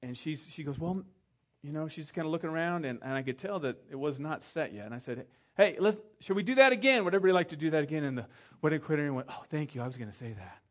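Rapid-fire and hardly pausing, a middle-aged pastor with a higher-sounding voice preaches a storytelling sermon. He acts out the people he quotes and drops softly for emphasis.

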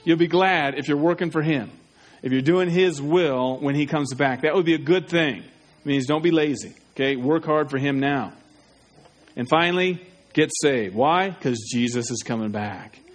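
Male pastor, slightly high voice, urgent and pleading evangelistic sermon. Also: moderate pace. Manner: urgent, pleading, asks listeners questions.

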